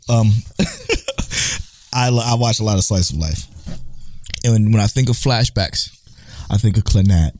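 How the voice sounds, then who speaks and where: A young podcast host with a low, somewhat mellow voice rambles through a casual chat, swearing freely and correcting himself mid-sentence. There is no room sound on the recording.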